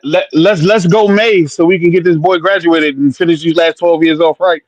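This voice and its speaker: A man's voice: fairly high pitch, fairly even intonation, normal speed, no echo. A man speaking as a guest in a casual podcast chat, joking and playful. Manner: joking, playful, self-mocking.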